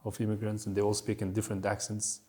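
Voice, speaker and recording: A man's voice: lowish voice, quick pace. A man with a Kazakh accent, hosting a podcast and telling stories in casual chat. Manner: animated, laughs while telling stories. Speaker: podcast host.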